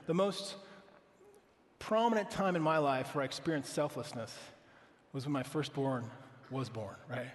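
A man's voice: medium pitch, normal speed, long reverb tail. A man in his thirties, a pastor preaching a sermon in an earnest, conversational way, often asking the congregation questions.

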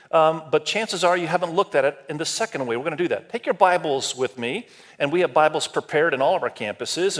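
A man delivering a sermon, with a voice that sits a little higher than most men's. He preaches in a lively, conversational way and often turns to the congregation with questions and calls for a show of hands. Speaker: pastor. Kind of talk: sermon to a multi-campus church.

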